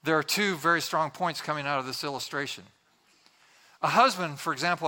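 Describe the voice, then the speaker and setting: A man's voice: on the high side, pushed and bright. A man preaching a humorous, conversational sermon to a congregation, acting out little quotes as he tells his stories. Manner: jokey, conversational storytelling with acted-out quotes. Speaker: pastor. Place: church with congregation.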